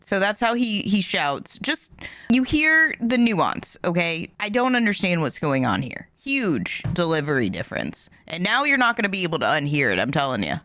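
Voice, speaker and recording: A woman hosting a reaction video, giving animated, opinionated commentary that rises when she gets passionate. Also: lowish voice, moderate pace, slight background noise.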